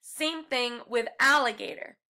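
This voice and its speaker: A woman's voice: fairly high pitch, measured pace, sharp tone. A woman music teacher explaining a class project step by step in a recorded lesson, now and then singing short examples.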